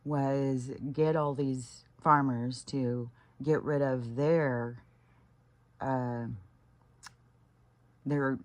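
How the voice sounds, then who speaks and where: A woman delivering an angry, profane rant as a vlogger, full of swearing and halting restarts. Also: extremely low pitch.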